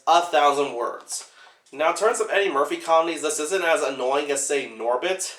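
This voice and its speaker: A man's voice: fairly high pitch, fairly bright tone. Rambling young man, echoey room. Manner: rambling, fills every pause with "like". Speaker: movie reviewer. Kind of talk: unscripted casual commentary.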